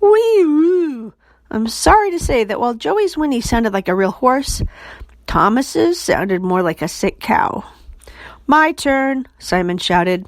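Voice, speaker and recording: A woman reading a children's chapter book aloud in an expressive, animated way. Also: medium pitch, a little slow, creaky, dry recording. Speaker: storybook reader.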